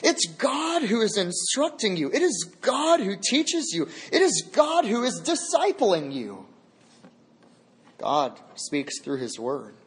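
A man's voice: sits high, huge pitch swings, slow. A man preaching a sermon as a pastor, emphatic and repeating key phrases for weight.

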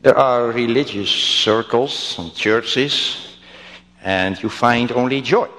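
A male pastor preaching a sermon with slow, emphatic delivery and wide swings in pitch. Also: pushed and bright. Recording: long reverb of a church hall.

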